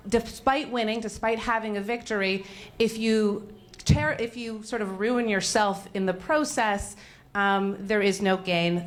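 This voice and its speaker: Young woman from Canada telling a frank, swearing, self-mocking story about her failures on stage, at a middling pitch. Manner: animated, candid, self-mocking, swears freely. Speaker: speaker at a failure-stories event.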